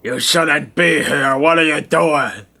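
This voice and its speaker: A man's voice: on the high side, slow, vocal fry, bright, forceful tone, heavily acted. A man doing a frantic asylum groundskeeper. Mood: alarmed. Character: frantic male asylum groundskeeper, shouting ominous warnings.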